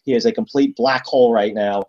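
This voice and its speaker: A man's voice: medium pitch, steady tone, brisk, a little mellow. Guy ranting about sports, blunt and emphatic, kind of dull lo-fi sound. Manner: blunt, emphatic, lots of fillers and restarts. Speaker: sports podcast co-host. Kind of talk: casual sports talk.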